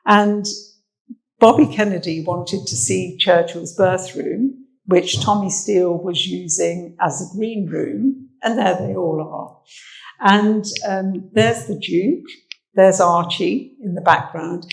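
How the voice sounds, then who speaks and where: A woman's voice: on the low side, slow pace, gravelly, poor audio. An English woman, a social history researcher, giving a chatty, anecdotal armchair talk about old photographs, with fillers. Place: indoor talk venue.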